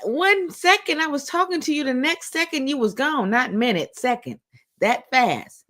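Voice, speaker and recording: A woman's voice: high voice, animated, normal speed, fairly bright tone. A woman hosting a casual livestream, chatting playfully with a guest and laughing often. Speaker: livestream host.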